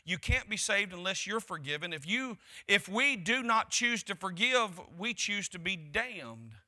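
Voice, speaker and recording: A pastor preaching to his congregation in a high, strikingly bright voice. He presses his points by repeating short phrases and letting his delivery climb. It is a man's voice, steady in sermon cadence. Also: measured pace.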